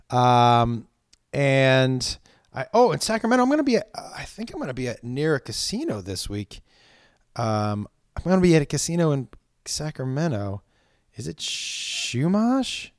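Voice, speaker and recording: A man's voice: medium pitch, clean tone, no echo, studio quality. A man hosting a podcast, chatting casually through listener questions, drawing out his vowels and rambling with many restarts. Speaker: podcast host; stand-up comedian.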